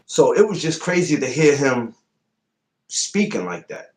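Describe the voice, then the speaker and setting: A man's voice: mid-range voice, unhurried. A man hosting a podcast, chatting casually, telling stories and asking probing questions. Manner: animated storyteller, asks probing questions. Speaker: podcast host.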